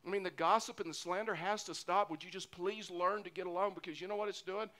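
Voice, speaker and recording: A man's voice: high-pitched, steady tone, fast, sharp tone. A middle-aged man preaching a sermon as pastor, earnest and often repeating phrases for emphasis. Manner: earnest, repeats phrases when stressing a point.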